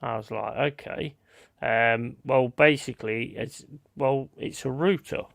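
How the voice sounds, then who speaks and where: A man's voice: mid-range voice, measured pace, creaky, dry recording. A man chatting casually on a live stream, telling blunt, sweary stories and reading out viewers' comments. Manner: swears freely, blunt storytelling, reads out chat comments.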